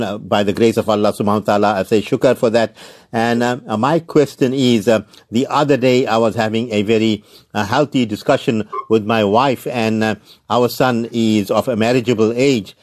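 A man hosting a religious talk show, reading out a viewer's question in a polite, measured way with frequent fillers. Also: medium pitch, darkish tone.

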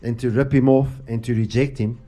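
A man's voice: mid-range voice, flat delivery, fairly quick, warm tone, soft background music. A man hosting a Christian talk show, preaching earnestly about the cross with frequent restarts. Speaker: host.

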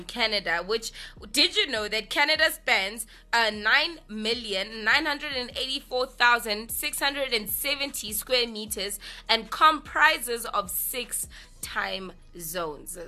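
South African woman radio host, young, bright-toned, slightly high, chatty and loose. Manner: chatty, lots of "like" and "listen". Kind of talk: casual radio chat.

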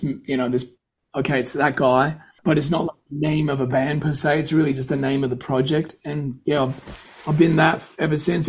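Husky-voiced man telling a story. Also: on the high side, darkish tone, rough recording. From United States. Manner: rambling, self-correcting anecdotes with quoted dialogue. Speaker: singer-songwriter guest. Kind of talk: casual interview storytelling.

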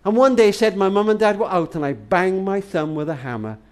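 A man's voice: high voice, a little fast. An older man telling a heartfelt story in a tender manner, speaking to a grandchild as darling. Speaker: speaker and author.

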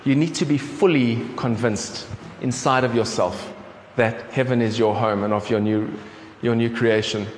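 A man's voice: mid-range voice, steady tone, moderate pace, hardly any pauses. A man from South Africa with a South African accent, preaching a sermon in a casual, conversational way with many ums and restarts. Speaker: pastor. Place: church hall. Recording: echoey church hall with faint room noise.

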